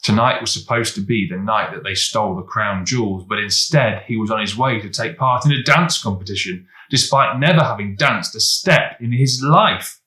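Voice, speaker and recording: A man, a teacher, reading a children's book aloud in a lively, expressive way. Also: fairly low pitch, moderate pace, hardly any pauses, echoey room, low-quality recording. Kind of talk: storybook read-aloud.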